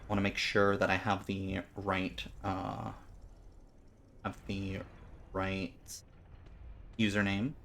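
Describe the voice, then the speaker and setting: A man's voice: deep voice, completely flat delivery, slow pace, vocal fry, long pauses, a bit bright, a little hiss or hum. A man streaming live, chatting casually with his viewers in a rambling way, often stumbling and repeating words.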